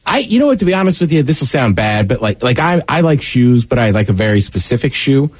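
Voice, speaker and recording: A man hosting a talk show in casual banter, chatty and animated as he tells stories and sets up clips. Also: medium pitch, fast, no echo. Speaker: radio show host.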